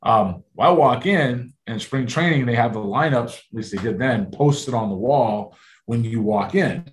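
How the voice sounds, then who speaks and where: A man's voice: medium pitch, moderate pace, reverberant. A man, a former ballplayer, casually telling a rambling story full of quoted dialogue.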